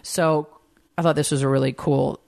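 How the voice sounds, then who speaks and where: A woman in her thirties telling a family story in casual chat, jumping up high whenever she quotes someone. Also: normal speed, gravelly, no echo, clean studio sound. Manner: animated storytelling, voice jumps high when quoting. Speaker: podcast co-host, mother.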